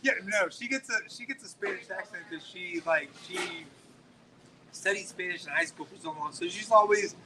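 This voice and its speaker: A man's voice: high-pitched, moderate pace, noisy background. A man in his forties from Texas, telling stories in casual, profane podcast chat at a restaurant. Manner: profane, rambling storyteller full of "like". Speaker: podcast host.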